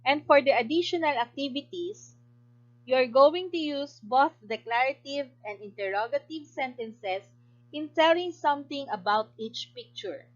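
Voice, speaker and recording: A woman teacher with a Filipino English accent, giving a recorded grammar lesson in a clear, instructive way and praising answers. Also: high voice, animated, moderate pace, highs cut off.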